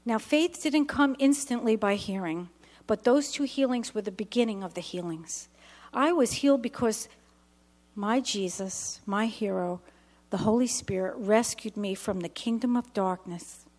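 A middle-aged woman giving an earnest personal testimony at a dinner event, slowing down and dropping to a whisper at intense moments. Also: mid-range voice, a little mellow.

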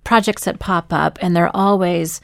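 Low creaky-voiced woman, thoughtful. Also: steady tone, normal speed, no room sound, clean studio sound. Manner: thoughtful, affirming, summarizes ideas. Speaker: podcast co-host. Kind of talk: conversational podcast talk.

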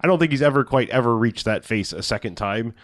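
A man's voice: medium pitch, expressive, fast, dry recording, clean studio sound. A man co-hosting a casual movie recap podcast, rambling with restarts and laughing often. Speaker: podcast co-host.

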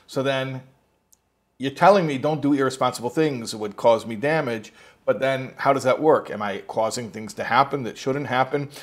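Husky man teaching in a loose storytelling way. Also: medium pitch. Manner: animated storytelling, acts out quotes; rambling with restarts and asides. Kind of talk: informal spoken lesson.

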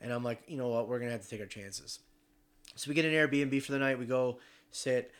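A young man casually telling a travel story, animated, swearing and acting out the other people in it. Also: mid-range voice, fairly quick. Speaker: podcast regular telling a story.

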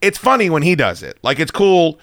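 A man's voice: a little high, huge pitch swings, fairly quick, fairly bright tone, dry recording, studio quality. A man from the United States hosting a podcast, chatting casually in a rambling, profane, opinionated way. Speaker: podcast host. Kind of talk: casual chat.

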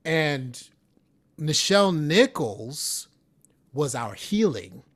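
A man's voice: a little high, sing-song, very slow, a bit bright. A man hosting a podcast, supportive and affirming in conversation. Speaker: podcast host.

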